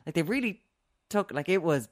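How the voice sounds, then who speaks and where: A woman in casual chat, reacting quickly, laughing along and telling her own story. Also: lowish voice, lively intonation.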